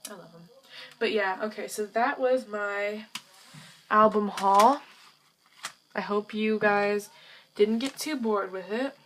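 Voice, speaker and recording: A teenage girl gushes to her camera in a chatty, filler-heavy vlog. Her voice sits at an ordinary pitch for a girl. She sounds set back a little from the microphone. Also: takes it slowly, long pauses, recorded from a distance, slight background noise, poor audio. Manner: gushing, chatty, lots of fillers. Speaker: vlogger. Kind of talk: casual chat to camera.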